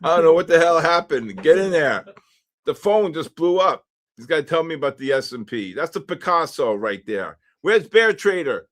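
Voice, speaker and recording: A man hosting a live trading stream, talking excitedly through charts, exclaiming and repeating himself. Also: on the high side, normal speed. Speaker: trading livestream host.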